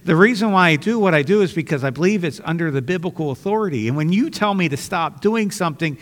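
A male pastor preaches in an earnest, conversational way, often restarting sentences. His voice sits somewhat high and carries a long hall echo. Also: lively intonation, quick pace. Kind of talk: sermon.

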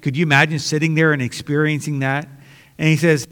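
A man's voice: on the high side, level tone, fairly quick, fairly bright tone, clear, resonant tone, big-room sound. A man preaching a sermon as pastor, earnest and conversational, often restarting his sentences.

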